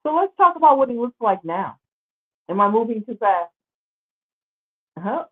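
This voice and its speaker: A woman hosts a show, her medium-pitched voice animated as she exclaims over pictures with casual, sarcastic commentary. She keeps a moderate pace and pauses often. The audio sounds tinny, like a phone line.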